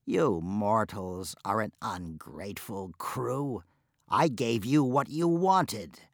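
A man's voice: fairly low pitch, no echo. Storybook dwarf, curt and lecturing, as a man reads it; dry sound. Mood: scolding. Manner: snapping, lecturing, measured. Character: curt, snappish red-headed dwarf, scolding mortals.

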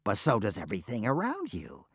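A man's voice: lowish voice, huge pitch swings, creaky, husky, dry recording, full character voice. Storybook dwarf, curt and lecturing, as a man reads it; dry sound. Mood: scolding. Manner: snapping, lecturing, measured. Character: curt, snappish red-headed dwarf, scolding mortals.

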